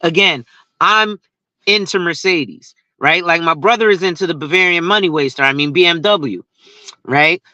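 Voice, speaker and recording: A man's voice: a little high, moderate pace, sharp tone, no room sound, muffled recording. A man who talks insurance on social media, ranting in a casual, profane and rambling way and laughing at his own stories. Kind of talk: casual rant to camera.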